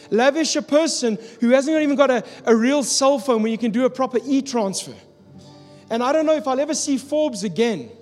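A man preaching a sermon, telling a personal story in an earnest, confessional way, from South Africa. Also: high voice. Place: church hall. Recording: long hall reverb with soft music.

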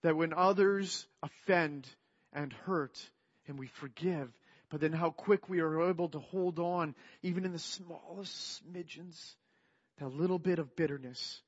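Man preacher, earnest, fairly high voice, slightly dull recording; soft to emphatic sermon delivery. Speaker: pastor.

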